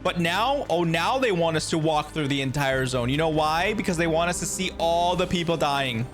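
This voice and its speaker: A man streaming a reaction to a game, talking casually with animated, exasperated outbursts. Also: on the high side, normal speed, over music.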